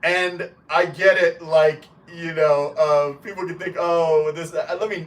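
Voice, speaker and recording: A man's voice: on the high side, measured pace, a bit bright, distant mic. A man live streaming in a casual way, reading chat comments aloud and talking bluntly with plenty of swearing and rambling asides.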